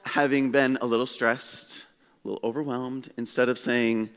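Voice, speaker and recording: A man preaching a sermon as pastor in a church, telling a story in a relaxed, conversational way with self-deprecating humor. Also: mid-range voice, normal speed, smooth. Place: church sanctuary. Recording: long hall reverb.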